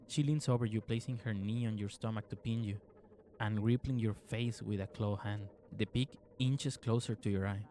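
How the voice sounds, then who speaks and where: Low-voiced young man narrating a game. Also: steady tone, normal speed, darkish tone, slight background noise. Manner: reads narration evenly, chatty and upbeat in commentary. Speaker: gaming video host.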